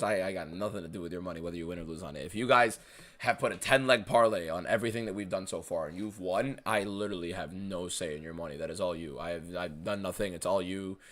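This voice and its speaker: A man's voice: sits low, fairly bright tone. An American man hosting a fight watchalong stream, answering viewer questions in blunt, casual chat with a fair bit of swearing. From United States.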